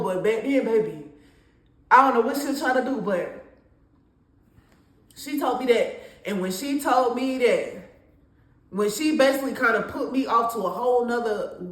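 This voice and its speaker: A young woman tells a personal story in a candid, conversational way. Her voice sits a little high. The recording has a noticeable room echo. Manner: candid, conversational, with laughs and slang. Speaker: storytime vlogger. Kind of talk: casual storytime monologue.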